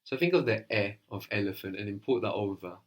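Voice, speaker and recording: A man with a fairly low voice leads a spoken language lesson. He talks patiently and coaxingly, slowing down to model each sound clearly for a student. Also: animated. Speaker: language teacher.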